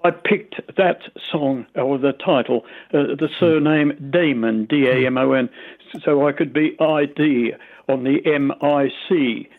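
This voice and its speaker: A man in his eighties with a mild Australian accent, a retired radio presenter reminiscing in an interview, rambling and halting with many fillers. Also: medium pitch, phone-quality sound. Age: 80s.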